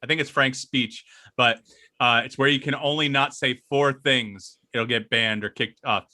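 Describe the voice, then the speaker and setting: Podcast co-host, young man, bright rambling storyteller who laughs a lot. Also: medium pitch, steady tone, normal speed. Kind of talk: casual podcast banter.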